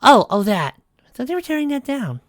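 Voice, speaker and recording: A woman's voice: high-pitched, sing-song, fairly quick, dry recording, clean studio sound, pitched above the performer's own voice. A woman voicing a bookish young mare unicorn who sounds hesitant and flustered.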